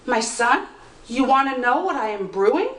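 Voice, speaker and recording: A desperate peasant mother, played by a woman storyteller, her high voice climbing as she pleads and frets. The sound is roomy and a little distant. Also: sing-song, moderate pace, a bit bright. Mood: anxious. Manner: pleading, emotional, rising pitch.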